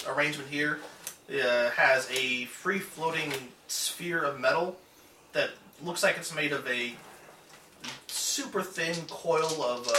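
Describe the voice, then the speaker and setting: A man narrating a tabletop game as game master, describing scenes slowly with many pauses and fillers. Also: mid-range voice, sharp tone, slight background noise. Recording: echoey room, far from mic.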